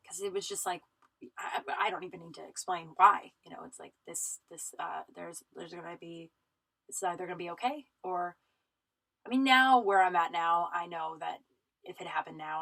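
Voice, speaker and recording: A woman's voice: on the low side, creaky, fairly bright tone, poor audio. A woman hosting her podcast, telling a personal story in a rambling, emotional way, teary and sniffling, with many restarts and fillers. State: tearful, runny nose. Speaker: podcast host. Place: home recording room.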